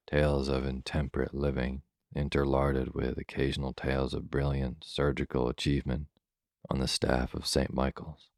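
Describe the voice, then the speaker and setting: Very deep, flat-voiced man reading a bedtime story. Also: normal speed, dry recording, clean studio sound. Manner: calm, even storybook reading for sleep. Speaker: narrator.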